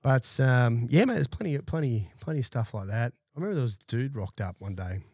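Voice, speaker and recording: A man's voice: mid-range voice, animated, brisk, darkish tone, no echo, clean studio sound. A man in his thirties with an Australian accent, an army veteran telling war stories in a podcast interview, blunt and full of swearing. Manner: blunt and heavily profane, laid-back anecdotes. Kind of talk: casual storytelling interview. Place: small studio.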